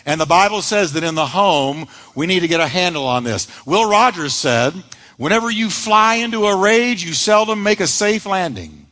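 A man preaching a sermon as pastor, telling stories with lively acted-out voices. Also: high voice, moderate pace. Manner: animated storytelling preacher, acts out quoted voices. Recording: long hall reverb.

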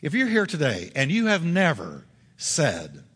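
A man preaching a sermon as pastor, driving points home with repetition and slowing down on key words. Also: fairly high pitch, huge pitch swings, fairly bright tone, breathy edge, big-room sound.

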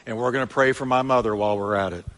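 A man's voice: medium pitch, fairly even intonation, quick pace, a bit bright, slight background noise. A man pastor preaching a sermon, telling a story in an emphatic way.

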